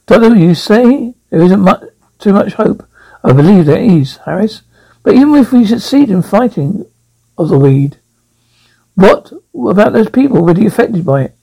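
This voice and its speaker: A man's voice: sits high, expressive, normal speed, gravelly, dark tone, husky, full character voice, rough recording. A man voicing an eager, resourceful male traveller, reading a script and stumbling over words. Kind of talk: script read aloud.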